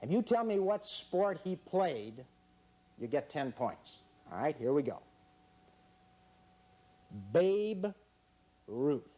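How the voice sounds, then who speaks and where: A man hosts a quiz game with a voice a little higher than most men's. He plays it wry and mock-serious and teases the contestants, with the audience in the room. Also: big pitch swings, slow, long pauses, dark tone. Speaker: game show host. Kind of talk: joking quiz-show hosting. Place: in front of a studio audience.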